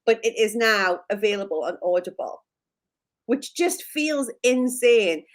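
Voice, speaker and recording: A woman's voice: a little high, expressive, a little slow. A woman with a Newcastle Geordie accent telling stories in a chatty live chat, full of "like" and laughing at herself. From Newcastle, England. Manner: chatty storyteller, lots of "like" and self-deprecating laughs. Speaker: co-host.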